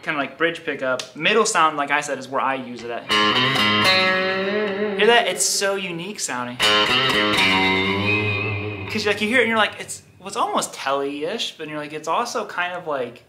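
Guitar vlog guy, bit high voice, rambly and self-deprecating, loud guitar playing in between. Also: expressive, normal speed. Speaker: guitar channel host. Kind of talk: casual chat to camera. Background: electric guitar playing.

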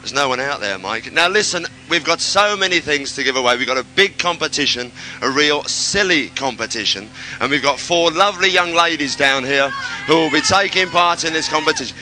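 A man with a slightly high, brisk voice comperes a live outdoor stage show for local radio from a town centre, joking with the crowd, teasing them, and calling out. Music plays and the background is noisy.

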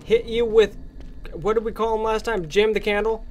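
A man hosting a gaming channel, giving excitable let's play commentary on a horror game and ranting at it in jest. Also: high voice, normal speed.

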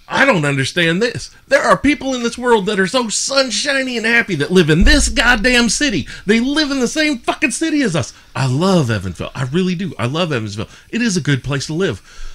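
Profane animated male podcast host. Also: high voice. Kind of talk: casual chat, storytelling.

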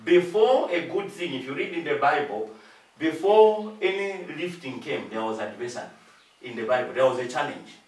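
Man, pastor, emphatic sermon, fairly high voice, roomy echo, heard from a distance. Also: lively intonation, normal speed. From Zambia. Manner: preaching with emphatic repetition and acted-out dialogue. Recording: echoey room, voice from far off.

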